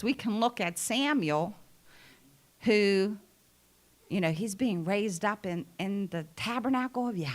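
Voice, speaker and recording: A woman's voice: mid-range voice, a bit bright. A woman giving a sermon in an earnest, conversational way, stressing key phrases by repeating them. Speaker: preacher.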